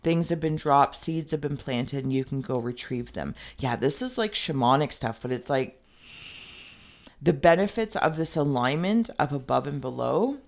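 A woman talks the viewer through a tarot reading in a rambling, meandering way, with plenty of "like." Her voice has a gravelly, creaky edge. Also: very deep voice, animated, moderate pace. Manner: speaks directly to the viewer. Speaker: tarot reader.

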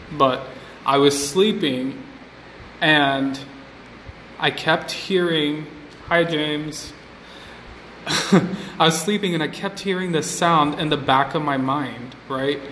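A man's voice: fairly high pitch, measured pace, fairly bright tone, slight background noise. A man chatting casually to viewers on a phone live stream, rambling and repeating himself with lots of filler likes. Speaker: vlogger on an Instagram live stream. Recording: roomy phone audio with a long reverb tail.

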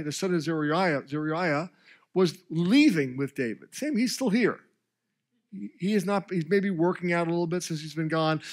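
A preaching pastor with a lively storyteller's voice. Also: male voice, fairly high pitch. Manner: storytelling preacher, voicing characters with rising emphasis. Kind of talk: sermon.

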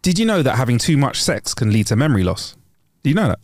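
A chatty podcast co-host who swaps jokes in casual conversation. His pitch swings widely, and the recording is dry and close. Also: very animated, fast talker, darkish tone, no echo. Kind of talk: casual joke-telling chat.

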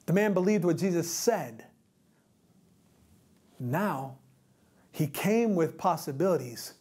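A man's voice: high voice, a little mellow. A male pastor preaching a sermon in an earnest, emphatic way, repeating rhetorical questions.

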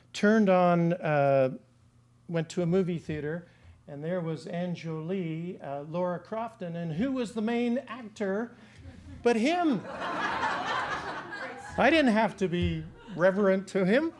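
A middle-aged man giving an anecdotal slide-show talk about his travels, pausing often with fillers. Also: a little high, darkish tone. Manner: anecdotal, with many filler pauses.

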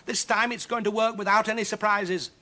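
A man voicing a cross, flustered failed witch in a high, shrill, fussy voice. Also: steady tone, brisk, sharp tone. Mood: eager shrill.

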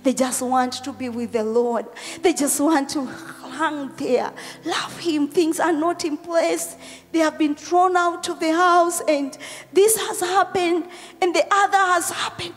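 A Kenyan woman pastor preaching a Sunday sermon, tearful and emotional, swinging between loud calls and whispered prayers. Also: high-pitched, steady tone, unhurried. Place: church hall. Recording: long hall reverb with faint music.

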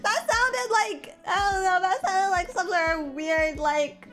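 A young woman with a high, bright-sounding voice chats casually through a livestream, reacting to viewer comments with animated, foul-mouthed, self-deprecating humor. Soft music plays faintly behind her. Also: unhurried. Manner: animated, profane, self-mocking.

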